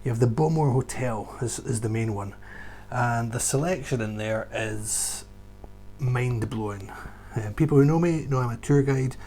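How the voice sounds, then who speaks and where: Tour guide guy chatting whisky at home, keen and emphatic, normal pitch, soft hum in the background. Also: moderate pace. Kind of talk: casual whisky review vlog. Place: indoors at home beside a shelf.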